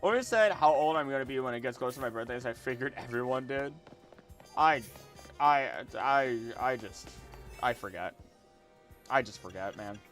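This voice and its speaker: A man's voice: mid-range voice, animated, normal speed, pauses often, a bit bright, faint music behind. Young man rambling on a game stream. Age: 20s. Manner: rambling, repeats words, talks to chat. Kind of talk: casual gameplay livestream chat.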